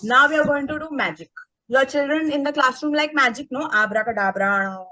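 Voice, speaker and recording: An energetic woman teaches spelling rules over a video call. Her tone is bright and slightly high, and she keeps asking her listeners "okay?" The recording is dry, with no room echo. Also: brisk. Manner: energetic, checks in often with "okay?". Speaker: teacher trainer. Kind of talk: online teacher workshop.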